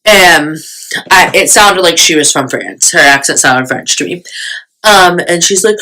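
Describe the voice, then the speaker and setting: A woman's voice: lowish voice, measured pace, pushed and bright, rough recording. A young woman vlogger telling a storytime in casual, chatty talk, full of fillers and self-mocking asides.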